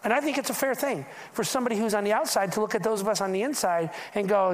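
A man's voice: high-pitched, quick pace. A man preaching a conversational sermon as a pastor to a congregation in church, often putting questions to the listeners.

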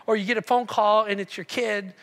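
High bright-voiced male preacher. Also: brisk, gravelly. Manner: animated storytelling, swings from loud to hushed. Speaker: pastor. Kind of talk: sermon.

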